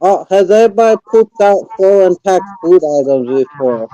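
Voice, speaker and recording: A man on a casual podcast chat, hesitant and halting with many fillers. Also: high voice, animated, mellow, low-quality recording.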